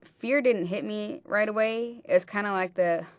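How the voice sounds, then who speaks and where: A woman recounting a personal experience in a halting way, often restarting her sentences. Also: medium pitch, no echo, studio quality. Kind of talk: personal testimony.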